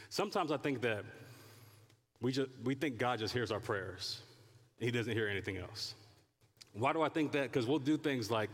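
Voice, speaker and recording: A male pastor preaching a lively sermon, acting out people's prayers and complaints in different voices. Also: medium pitch, moderate pace, pauses often, in a large hall. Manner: animated, acts out prayers and complaints in character voices.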